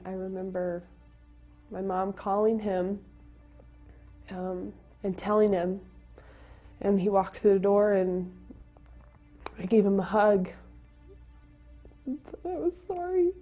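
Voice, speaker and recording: A young woman giving a personal testimony, speaking in a halting, emotional way with pauses and restarts. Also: mid-range voice, flat delivery. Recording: dull lo-fi sound with faint music.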